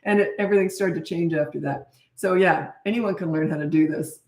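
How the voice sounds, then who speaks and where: A woman's voice: lowish voice, brisk, darkish tone, distant mic. Blunt middle-aged woman, echoey and off-mic. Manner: blunt and frank, chatty with restarts. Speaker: parenting coach. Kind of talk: live Q&A answering viewer questions.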